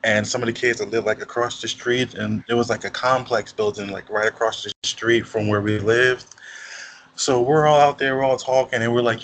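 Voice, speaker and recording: Relaxed young Jersey man, faint hiss. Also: medium pitch, moderate pace, poor audio. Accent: New Jersey. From Newark, New Jersey. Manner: relaxed, rambling, with restarts. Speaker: host. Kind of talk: casual chat.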